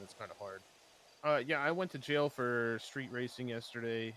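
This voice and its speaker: A young man streaming a role-play game, chatting in character in a hesitant, soft-spoken way that often trails off. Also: medium pitch, moderate pace, slight background noise. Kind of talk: casual in-character game chat.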